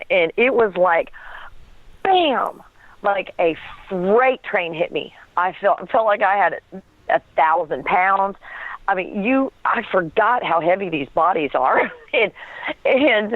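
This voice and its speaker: A woman's voice: fairly low pitch, unhurried, no room sound. Earnest woman on a tinny phone line. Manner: earnest, searching for words, laughs often. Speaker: guest. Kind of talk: personal storytelling in an interview.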